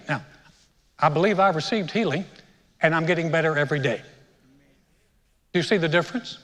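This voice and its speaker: Hoarse joking pastor in a big hall. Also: male voice, a little high, fairly quick, long pauses, a bit bright. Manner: joking, talks straight to the congregation. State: hoarse, sounds sick. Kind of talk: conversational sermon. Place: church sanctuary. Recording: long hall reverb.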